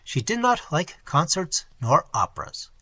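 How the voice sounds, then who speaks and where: A man reads a classic novel aloud with a wry, expressive touch. His voice sits a little high and bright, with a husky grain and very lively pitch. The recording is close and dry. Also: a little slow, no echo. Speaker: audiobook reader. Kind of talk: scripted narration of a classic novel.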